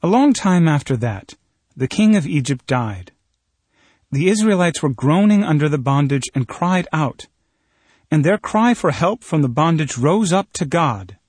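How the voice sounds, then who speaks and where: A man reads scripture in a steady, measured way, his voice a little husky. He sits slightly high for a man. The sound is dry and close. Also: no echo. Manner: steady, measured storytelling delivery.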